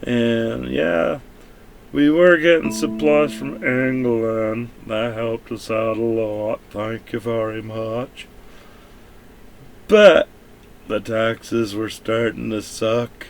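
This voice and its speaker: A man's voice: mid-range voice, fairly even intonation, takes it slowly, creaky, a little hiss or hum. A man from the United States talking bluntly and offhandedly in a rambling, profane vlog monologue. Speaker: vlogger.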